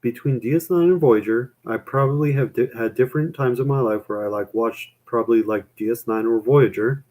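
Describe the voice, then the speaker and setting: A man's voice: medium pitch, brisk, hardly any pauses, darkish tone. A young man chatting on a live stream, rambling with lots of fillers and casual swearing.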